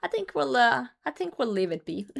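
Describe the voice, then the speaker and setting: A woman's voice: high voice, big pitch swings, measured pace, creaky. A woman streamer chatting casually with her viewers while she plays, laughing often and swearing lightly. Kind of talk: casual livestream chat while gaming.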